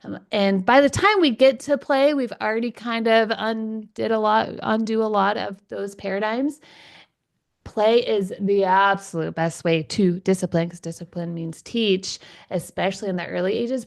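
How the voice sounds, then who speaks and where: This is an energetic woman in her forties who coaches parents. She chats in an interview with animated enthusiasm and laughs often. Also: medium pitch, normal speed, gravelly. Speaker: parenting coach and podcast host. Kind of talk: conversational interview.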